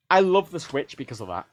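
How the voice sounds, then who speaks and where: A man's voice: fairly high pitch, moderate pace. A man livestreaming, ranting casually about game consoles with lots of swearing. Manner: animated, heavily profane, mimics devices in quoted voices.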